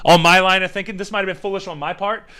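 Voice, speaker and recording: Male podcast host, high and bright, rambling comic storyteller who swears casually. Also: quick pace. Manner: rambling, animated, many fillers and restarts.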